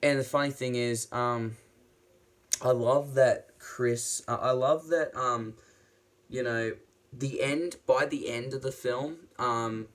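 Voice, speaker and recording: Excitable man rambling through a review. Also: medium pitch, slow pace. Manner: excitable, swears freely, rambling with restarts. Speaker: movie reviewer. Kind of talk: casual spoken movie review.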